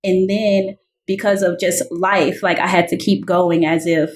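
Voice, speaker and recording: A woman guest talking through a personal testimony in an earnest, conversational way. Her voice sits a little low for a woman, and she leans on "like" as she goes. She jumps up in pitch when she acts out what people said. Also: steady tone, measured pace. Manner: earnest, heavy use of "like" fillers; reenacts dialogue in raised voices. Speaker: podcast guest.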